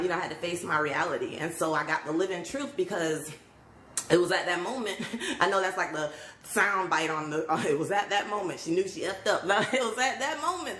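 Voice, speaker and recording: A woman with a low-leaning, fairly bright voice chats and laughs through a casual livestream from her phone, greeting viewers as she goes. The room is echoey, and a little hiss or hum sits under the audio.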